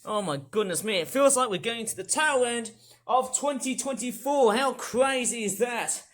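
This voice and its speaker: High-voiced Australian man vlogging. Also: normal speed, fairly bright tone. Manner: rambling, chatty, upbeat, repeats himself. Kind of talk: casual vlog chat while cleaning. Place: his own house, indoors.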